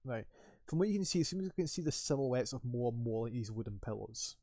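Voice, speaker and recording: A man's voice: mid-range voice, animated, fast, warm tone, no room sound, clean studio sound. A man narrating as game master in a tabletop game, rambling and full of filler words.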